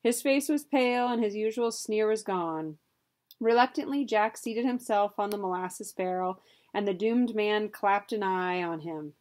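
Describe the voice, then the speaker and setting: A woman's voice: mid-range voice, measured pace, a little mellow. Woman reading a storybook aloud. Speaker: audiobook narrator. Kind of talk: storybook narration.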